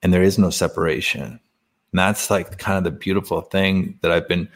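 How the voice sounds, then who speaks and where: A man's voice: sits low, fairly even intonation, normal speed. A man speaking as a podcast guest, telling a personal spiritual story in a casual, earnest way, laughing often and using many fillers.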